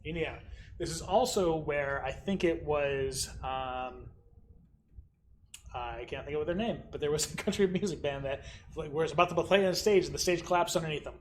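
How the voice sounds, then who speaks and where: A man's voice: fairly high pitch, moderate pace, a little hiss or hum. A man co-hosting a trivia night who chats in a rambling way, full of fillers and side stories. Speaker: trivia co-host. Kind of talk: casual trivia banter.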